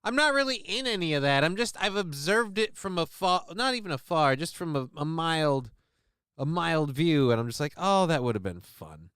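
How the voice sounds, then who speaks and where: A man's voice: a little high, sing-song, normal speed, fairly bright tone, smooth, no room sound, studio quality. A man hosting a livestream, talking casually in a rambling, profane, self-mocking way. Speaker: livestream host.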